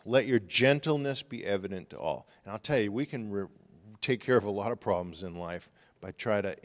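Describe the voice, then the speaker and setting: A middle-aged pastor giving a sermon in a relaxed, conversational way, telling stories and acting out the people he quotes. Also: fairly low pitch.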